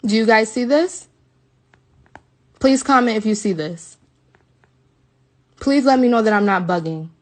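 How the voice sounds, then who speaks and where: A woman's voice: fairly high pitch, a little slow, long pauses, a little mellow. Indignant woman ranting into her phone. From United States. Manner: agitated, indignant, repeats herself. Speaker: livestreamer. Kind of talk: emotional live video rant. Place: hotel room.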